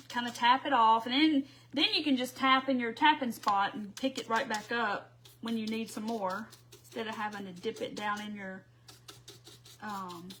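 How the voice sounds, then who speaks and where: A woman's voice: on the high side, sharp tone. A woman, hosting a casual craft livestream from home, chatting and laughing with her viewers while she paints. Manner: chatty, laughs often, talks to viewers as y'all.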